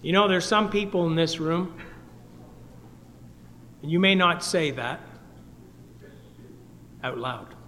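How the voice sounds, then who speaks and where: A man from Canada preaching an earnest gospel sermon, pleading with his listeners and swinging between loud and soft. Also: on the high side, animated, slow, pauses often, long reverb tail, slight background noise. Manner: earnest, pleading, rises and drops in volume. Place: meeting hall.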